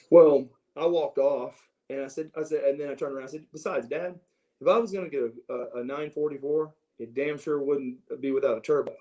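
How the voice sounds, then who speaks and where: A middle-aged man telling stories from his youth in a casual interview, animated and prone to restarts as he acts out what others said. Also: fairly high pitch, rough recording. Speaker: interview guest. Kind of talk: casual storytelling.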